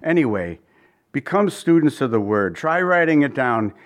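A man's voice: mid-range voice, big pitch swings, normal speed. A man preaching a sermon in a conversational way, often asking his listeners questions and chuckling between points. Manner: restarts often, chuckles now and then. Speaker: pastor.

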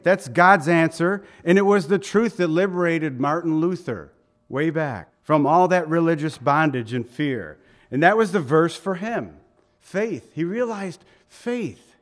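A pastor preaching a conversational Bible-teaching sermon, opening in prayer and then explaining scripture with emphasis and asides. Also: male voice, fairly high pitch.

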